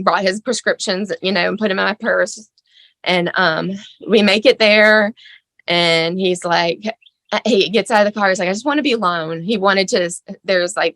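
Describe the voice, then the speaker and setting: A middle-aged woman telling the story of her son's crisis as a mother, shaken and halting, with many fillers. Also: medium pitch, pushed and bright, dry recording. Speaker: mother of a teen son. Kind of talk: emotional personal account.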